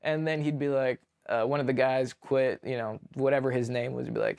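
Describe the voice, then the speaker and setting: Man, young adult, from California, interview guest, casual storytelling, mid-pitched voice, fillers, acts out shouts. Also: fairly quick, creaky, hardly any pauses. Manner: animated, acts out shouted quotes, many fillers. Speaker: podcast guest, army veteran.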